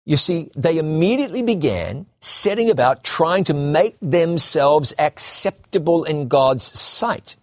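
A man preaching a sermon, emphatic, slowing down and repeating key phrases for stress. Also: a little high, dry recording, studio quality.

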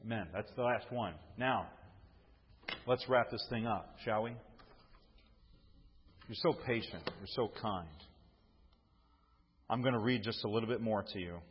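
A man's voice: fairly low pitch, unhurried, pauses often, a little hiss or hum. A male pastor preaching a sermon to his congregation, calling for responses and repeating phrases as he goes. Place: church sanctuary. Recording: long hall reverb, dull muffled sound.

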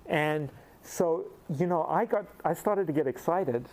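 A middle-aged man preaching, telling a personal story in a lively, animated way that rises into excited laughter. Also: fairly high pitch, a little slow. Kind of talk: storytelling sermon.

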